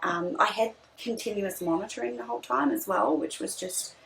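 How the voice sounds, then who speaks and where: A woman's voice: medium pitch, normal speed, gravelly, fairly bright tone, slight background noise, rough recording. A young woman, telling her birth story in casual chat, hesitant with many restarts. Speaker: podcast guest.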